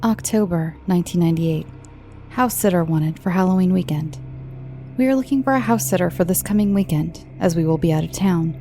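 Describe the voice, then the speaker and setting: An American woman hosting a podcast and narrating horror stories in a soft, friendly way that sometimes dips into whispers. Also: on the low side, brisk, slight background noise. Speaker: host and storyteller. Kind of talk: calm horror story narration.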